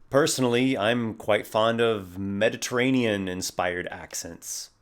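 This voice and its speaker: Casting: encouraging male tutorial host, somewhat low voice, friendly and demonstrative. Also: moderate pace. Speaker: YouTube creator teaching role-play. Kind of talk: tutorial talk to camera.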